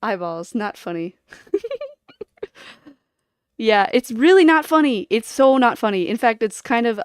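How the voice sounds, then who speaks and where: A woman's voice: mid-range voice, smooth, no room sound, clean studio sound. A woman streamer chatting casually to her viewers, rambling and giggling as she jumps from one topic to the next.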